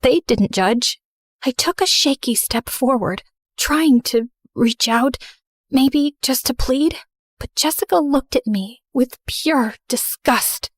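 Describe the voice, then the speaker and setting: Woman doing a sorry outcast teen girl telling her story, kinda high, dry close mic. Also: takes it slowly, dry recording. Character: remorseful outcast teenage girl. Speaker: first-person narrator. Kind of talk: scripted story narration.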